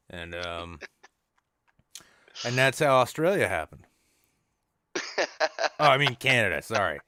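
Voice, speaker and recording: A man's voice: lowish voice, very animated, measured pace, long pauses, sharp tone, no echo, clean studio sound. A man doing an improvised comedy bit, rambling in a mock-serious tone with lots of restarts. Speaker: podcast co-host.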